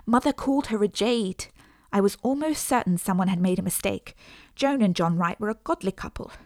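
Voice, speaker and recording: A woman's voice: mid-range voice, no echo. Woman narrating a story, dry and close. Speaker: audiobook narrator. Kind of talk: scripted first-person narration.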